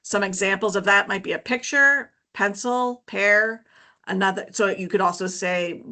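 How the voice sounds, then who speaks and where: Woman, presenter, bright voice, friendly teacherly explaining, fillers like um and okay. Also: mid-range voice, normal speed. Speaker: educator presenting a parent workshop. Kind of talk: informative presentation.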